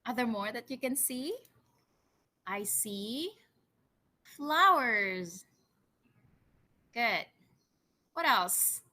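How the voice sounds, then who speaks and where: Slow, bright-voiced woman teacher. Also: fairly high pitch, animated. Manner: slow, deliberate prompting with repeated words. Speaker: English teacher. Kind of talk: vocabulary lesson and storytelling for children.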